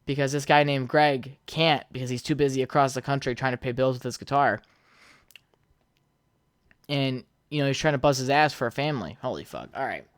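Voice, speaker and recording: A man's voice: medium pitch, brisk, dry recording, studio quality. A young man hosting his own podcast alone, rambling casually, swearing a lot and laughing at his own jokes. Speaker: podcast host. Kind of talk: casual solo podcast chat.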